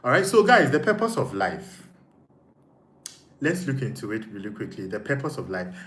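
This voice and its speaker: A man hosting a laid-back live stream reads viewer comments and thinks aloud, circling back with frequent repeats, in a Ghanaian accent. His delivery is very animated at a normal pace, with a mid-range, fairly bright voice. Echo and faint noise fill the room.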